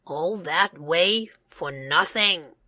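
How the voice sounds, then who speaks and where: A woman's voice: lowish voice, drawn-out words, bright, forceful tone, no echo, clean studio sound, voice pushed down, full character voice. A woman doing grumpy doubting villagers. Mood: annoyed. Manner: scolding, doubting. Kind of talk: storybook reading.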